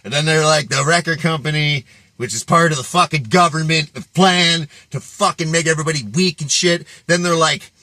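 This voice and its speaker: A man tears into a rant, cursing freely and mocking as he goes. His voice is bright and pushed hard, recorded close and dry with no room sound. He laughs between lines, half amused at his own anger. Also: on the high side, moderate pace, dry recording. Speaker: fitness vlogger. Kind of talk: profane rant.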